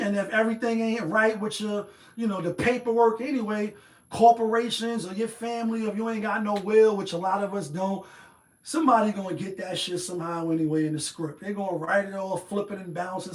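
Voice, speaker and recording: A man's voice: sits high, little pitch movement, brisk, roomy sound. A man hosting a show, giving a rambling, profane, streetwise opinion monologue. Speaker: host. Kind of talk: casual monologue.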